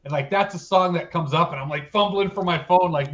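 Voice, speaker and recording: A man's voice: sits high, a little fast, highs cut off. A man co-hosting a casual chat show, telling stories in a chatty, self-mocking way. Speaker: co-host.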